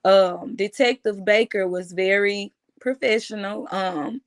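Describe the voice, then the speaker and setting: A woman, giving a halting, emotional personal account in an interview, often restarting her phrases. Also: mid-range voice. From United States. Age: 30s.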